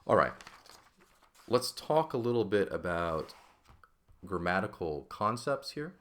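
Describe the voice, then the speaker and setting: A man's voice: low-pitched, very animated, a little slow, fairly bright tone. A man teaching a recorded language lesson, explaining step by step and often checking with "right?" and "okay?".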